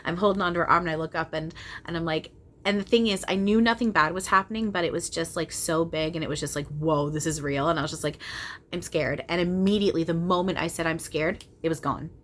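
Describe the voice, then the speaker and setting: A young woman with a lowish voice chats earnestly to camera about her spiritual encounters, animated and full of restarts. She sounds like she is at home in a small room, with a faint hum of background noise behind her. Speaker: spiritual channeler and video host. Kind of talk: casual spiritual chat to camera.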